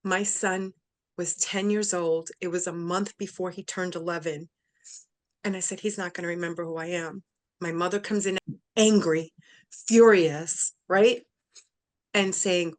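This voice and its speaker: A woman's voice: on the low side, moderate pace. A middle-aged woman sharing a personal story as an interview guest, speaking with emotion and acting out the voices of the people in it. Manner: emotional, acts out quoted voices.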